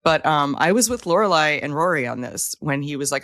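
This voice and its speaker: Lowish-voiced woman podcast co-host, dry sound. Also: animated, a bit bright, no room sound. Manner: emphatic, quick to react. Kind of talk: casual chat.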